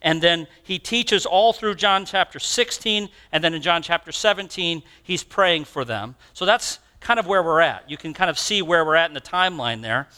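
A man's voice: a little high, lively intonation, normal speed, few pauses, sharp tone, clean tone. A male pastor preaching a sermon in a conversational, storytelling way, talking directly to the congregation.

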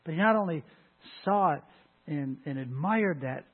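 Man preaching in church, emphatic restarts, husky voice, phone-like sound. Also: on the high side, lively intonation. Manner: emphatic, slow stressed phrases with repeated restarts. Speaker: pastor. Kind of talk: sermon. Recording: tinny phone-like church recording.

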